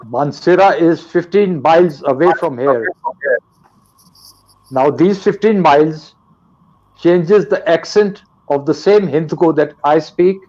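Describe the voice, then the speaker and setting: An older man from Pakistan lectures slowly and carefully, spacing out each phrase. His voice sits a bit high for a man and comes through dull, lo-fi live stream audio. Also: a little mellow. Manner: slow, deliberate, lecturing. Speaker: guest teacher. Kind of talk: live online English lesson.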